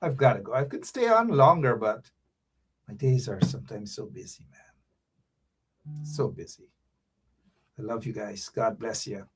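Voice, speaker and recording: A Guyanese man signs off his casual live stream, speaking directly to viewers in a preachy way and repeating phrases. His medium-pitched, slightly rough voice has lively intonation, moving a little slowly with frequent pauses.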